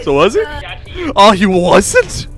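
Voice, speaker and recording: Excitable high-voiced young gamer man. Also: slow, music in the background. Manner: excitable, jokey, laughing. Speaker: gamer streamer. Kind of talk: casual gameplay chat.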